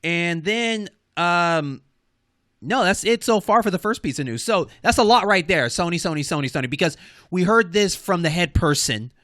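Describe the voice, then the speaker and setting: A man with a bright, forceful voice and a fairly high pitch chats loosely through gaming news as a podcast co-host. The sound is dry and close, with no room around it. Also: expressive, moderate pace, dry recording. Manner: loose and rambling, full of fillers and restarts. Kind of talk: casual gaming news chat.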